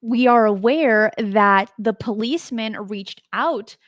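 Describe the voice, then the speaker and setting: A woman's voice: fairly high pitch, takes it slowly, fairly bright tone, no echo. A woman hosting a show on strange cases, telling them in a chatty, emphatic way and putting rhetorical questions to her listeners. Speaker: host. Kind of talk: casual spoken narration of paranormal cases.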